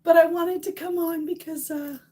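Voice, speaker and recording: A woman hosting a casual morning live stream, hoarse and losing her voice from a cold, chatting and laughing at how she sounds while greeting viewers by name. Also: very high voice, fairly even intonation, normal speed, a little mellow. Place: home on a windy ridge.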